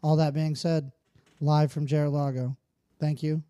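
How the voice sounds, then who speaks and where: Casting: male podcast co-host, mellow dark tone, a touch high, crude jokes, dry close sound. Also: little pitch movement, a little slow, smooth, dry recording. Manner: profane, joking, speaks in a motivational tone when wrapping up. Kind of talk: casual podcast chat.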